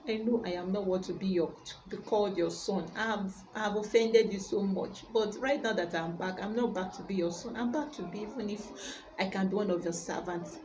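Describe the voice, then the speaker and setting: A woman voicing a remorseful young man who softly and haltingly begs his father's forgiveness. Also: mid-range voice, noisy background, lightly acted. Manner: soft, halting and stammering.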